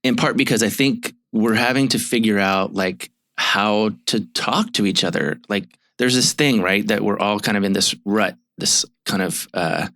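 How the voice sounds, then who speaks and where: A man's voice: lowish voice, normal speed, few pauses, a bit bright, dry recording, clean studio sound. A man who hosts a marriage therapy show, talking casually and rambling with many fillers and restarts. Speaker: marriage therapist and podcast host. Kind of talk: casual chat.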